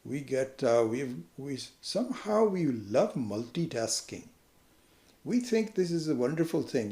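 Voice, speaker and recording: A man's voice: big pitch swings, unhurried, warm tone. Man teaching scripture in an echoey room. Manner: conversational, acts out quoted people with sudden high pitch. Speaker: spiritual teacher. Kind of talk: lecture on scripture.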